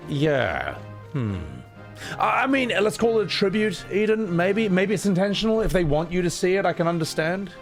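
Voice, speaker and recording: Excitable young man commentating a game. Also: high-pitched, normal speed, faint music behind. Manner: excitable, laughing, self-mocking, swears. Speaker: streamer voicing game characters. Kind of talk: casual let's-play commentary.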